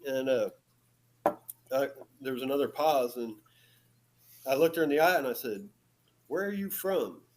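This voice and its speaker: Brief: male podcast guest, mid-pitched, relaxed storyteller who laughs between lines. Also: moderate pace, pauses often. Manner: chuckles often, leans on "you know". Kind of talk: casual storytelling.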